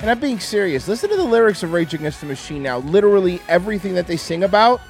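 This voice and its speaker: A man's voice: high voice, sing-song, quick pace, faint music behind. A man hosting a livestream, ranting casually in a profane, sarcastic and mocking way. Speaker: livestream host. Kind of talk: casual commentary rant.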